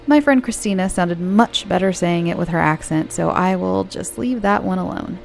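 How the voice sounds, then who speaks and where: A woman with an American accent tells creepy stories in a soft, friendly manner, now and then sinking to a whisper. Her voice is mellow and gently gravelly. Faint music plays behind her. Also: on the low side, normal speed. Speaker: host and storyteller. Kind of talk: calm horror story narration.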